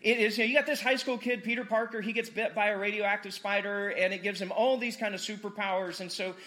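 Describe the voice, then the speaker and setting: A man's voice: high voice, fairly even intonation, quick pace, sharp tone. A man preaching a casual, conversational sermon, joking with the congregation and repeating words for emphasis. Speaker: pastor.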